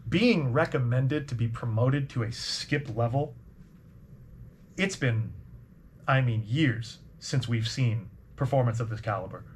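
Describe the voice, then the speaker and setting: A man's voice: medium pitch, unhurried, a little hiss or hum, natural voice. A man doing a pompous old bird-man boss. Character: gruff old male birdlike company commander.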